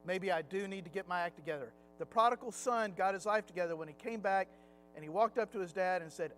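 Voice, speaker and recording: In a church classroom, a middle-aged man with a notably high voice teaches a relaxed Sunday Bible lesson at a quick pace, chatty and full of anecdotes. He slips into acted-out quotes, while faint music hums beneath the poor audio.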